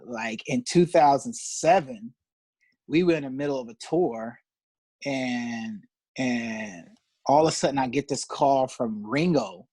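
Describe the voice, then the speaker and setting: A guest musician who plays pedal steel tells stories in a casual interview, his medium-pitched voice measured and a little breathy on a dry recording. He laughs a lot and acts out the voices of the people he quotes.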